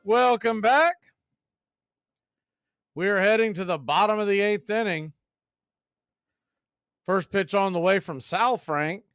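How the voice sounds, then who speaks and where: A man calls a baseball game pitch by pitch in a slightly high voice, recorded dry and close. He drops wry asides between the calls. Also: slow, pauses often, no room sound, faint music behind. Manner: steady, wry calling of pitches. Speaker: play-by-play announcer. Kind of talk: radio play-by-play commentary.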